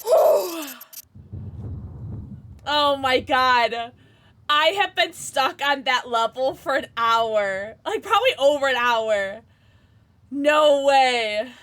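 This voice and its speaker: A woman's voice: high-pitched, expressive, slow, long pauses, a bit bright. A woman streaming a horror game live, chatting to viewers and squealing when startled. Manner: jumpy, squealing when scared, talks to chat. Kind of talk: live gameplay chat.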